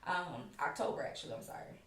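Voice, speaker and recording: A woman with a low-pitched voice speaks fast as a podcast guest, casually and candidly telling her own personal story. The recording has an echoey room sound, with her far from the mic and faint background noise.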